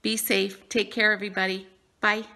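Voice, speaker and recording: A woman's voice: mid-range voice, little pitch movement, normal speed, gravelly, bright, forceful tone. A woman telling a cheery joke, saying "bleep" instead of the curse words. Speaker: church member telling a joke.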